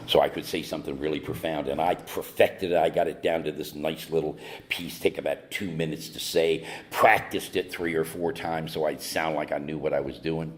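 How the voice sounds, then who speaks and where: A man from North Carolina sharing a humorous personal story at a recovery meeting with wry, mock-indignant timing. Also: extremely low pitch. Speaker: speaker at AA meeting.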